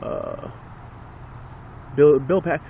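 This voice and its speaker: A man's voice: mid-range voice, wildly swooping pitch, drawn-out words, creaky, narrow, tinny audio, slight background noise. Profane rambling man ranting into a phone. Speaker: vlogger. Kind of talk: casual ranting monologue.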